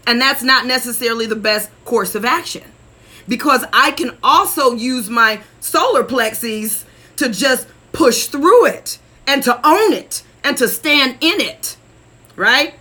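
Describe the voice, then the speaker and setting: A woman relationship coach talking straight to her viewers in a preachy, animated way, laughing often and calling them y'all. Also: sits high. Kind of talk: casual direct-to-camera talk.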